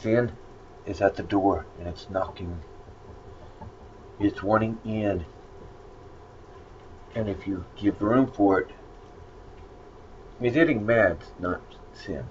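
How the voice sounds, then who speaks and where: A man's voice: lowish voice, takes it slowly, pauses often, darkish tone. A man giving a casual Bible lesson, rambling and conversational with many fillers. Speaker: Bible study teacher. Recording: dull lo-fi recording with faint noise.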